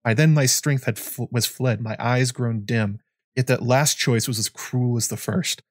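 A man's voice: mid-range voice, steady tone, a little slow, no room sound, studio quality, natural voice. A man reading as an ancient weary blind scholar. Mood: grieving. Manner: solemn, reflective reading. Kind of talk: reading a novel passage aloud.

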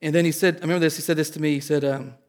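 Speaking very fast, the Indiana pastor tells his audience a personal story. His voice is somewhat high, and his manner is animated and self-deprecating.

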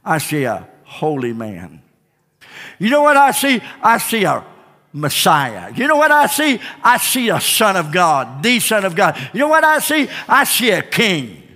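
A man's voice: high-pitched, wildly swooping pitch, a little slow, bright, forceful tone, full character voice. A man pastor voicing a dying male thief who speaks in awe and pleading, heard in a reverberant church. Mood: awed. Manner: awed, pleading.

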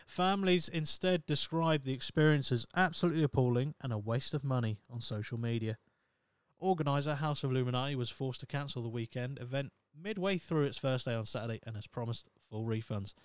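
A man's voice: mid-range voice, brisk, clear, resonant tone, dry recording. Sweary man ranting on a podcast. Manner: ranting, sweary, sarcastic asides. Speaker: podcast host. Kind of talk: casual comedic commentary.

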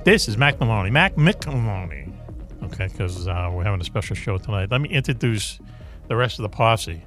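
A man's voice: on the low side, lively intonation, a little fast, fairly bright tone, faint music behind. A man hosting a radio talk show in a rambling, jokey way, often tripping over his words. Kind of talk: casual radio chat.

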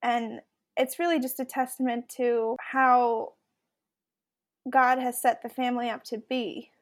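A woman's voice: on the high side, fairly even intonation, measured pace. A woman guest on a podcast interview, speaking earnestly and steadily. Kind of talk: earnest conversational talk.

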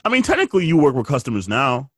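A man's voice: medium pitch, wildly swooping pitch, rapid-fire, a bit bright, slightly rough, no room sound, studio quality. A man in casual chat who rambles, teases, and laughs often.

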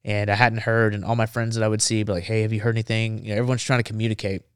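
A man and podcast guest telling a war story in an animated way, acting out dialogue, on a close podcast mic. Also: fairly low pitch, racing, smooth, no echo.

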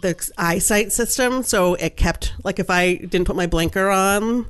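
A woman telling a long story in casual chat, animated and chatty, laughing often and filling her talk with fillers. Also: mid-range voice, a little slow.

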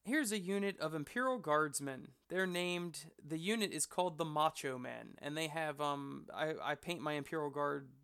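Bright, gravelly man talking hobby. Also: fairly high pitch, moderate pace, few pauses. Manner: enthusiastic, rambling, self-deprecating. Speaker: hobby channel host. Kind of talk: casual hobby talk to camera.

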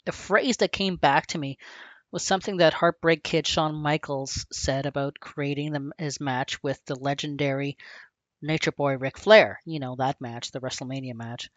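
A Canadian podcast host reads a scripted, earnest, reflective piece about loving a sport all his life, in a mid-range voice with a fairly bright tone and no echo.

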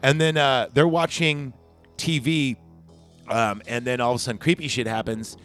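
A man's voice: medium pitch, steady tone, moderate pace, a bit bright, faint music behind. A man casually recapping a film on a podcast, rambling and swearing as he acts out its lines. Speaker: podcast co-host. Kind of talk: casual movie recap chat.

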